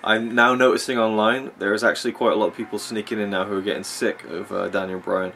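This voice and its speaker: A man's voice: on the low side, little pitch movement, quick pace, creaky, bright, forceful tone, a little hiss or hum. A man ranting casually about wrestling as he watches a match, opinionated and rambling, with plenty of fillers. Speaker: wrestling vlogger.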